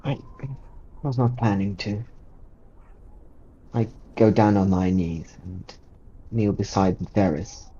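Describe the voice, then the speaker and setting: A man playing his character in a tabletop game, calm and measured. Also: on the low side, breathy edge, lo-fi sound. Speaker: player.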